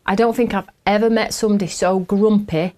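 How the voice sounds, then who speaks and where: A woman's voice: medium pitch, fairly even intonation, brisk, a little mellow. Laughing, chatty English woman host. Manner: chatty storyteller who laughs often; acts out quotes in different voices. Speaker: podcast host. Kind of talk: casual chat with viewers.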